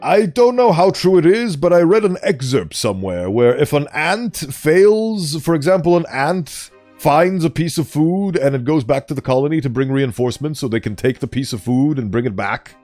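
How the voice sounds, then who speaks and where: A man's voice: a little high, animated, normal speed, a little mellow, faint music behind. A man streaming a game, chatting playfully and telling a theatrical story. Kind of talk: casual game commentary.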